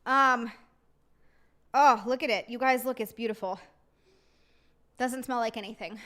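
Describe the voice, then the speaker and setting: A woman live streamer chatting casually with her viewers, excitable and giggly, and thanking them by name. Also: high-pitched, moderate pace, pauses often.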